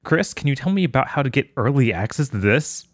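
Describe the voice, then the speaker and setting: A man's voice: mid-range voice, fairly quick. A man hosting a podcast, chatting casually and laughing often. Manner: laughs often, lively and joking. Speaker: podcast host.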